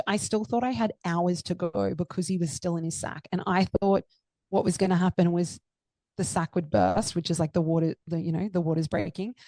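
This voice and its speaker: A woman's voice: medium pitch, gravelly, darkish tone, no echo. Young woman, podcast guest, dry close sound, gushing and heartfelt. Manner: emotional, effusive, many fillers. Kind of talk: candid personal storytelling.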